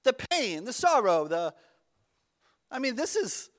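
A pastor preaching a conversational sermon, often restarting his words and dropping suddenly to a hush. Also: very high voice, big pitch swings, slow.

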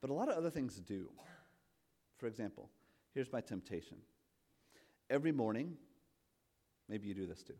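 A male pastor in his thirties giving a casual, self-deprecating sermon, asking the congregation questions and swinging from quiet asides to loud emphatic points. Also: medium pitch, big pitch swings, moderate pace, long pauses. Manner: chatty, self-deprecating, asks the audience questions.

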